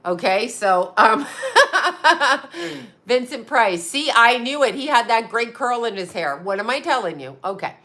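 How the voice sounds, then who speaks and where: A woman's voice: on the high side, expressive, unhurried, pushed and bright. A woman hosting a psychic livestream, chatting casually and bluntly with viewers, rambling and often laughing. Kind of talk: casual live chat reading viewer comments.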